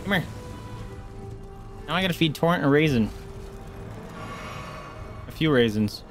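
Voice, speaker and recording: Lively, excitable male game streamer. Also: fairly high pitch, unhurried, long pauses, faint music behind. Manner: excitable, swears freely, taunts game enemies. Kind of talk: live gameplay commentary.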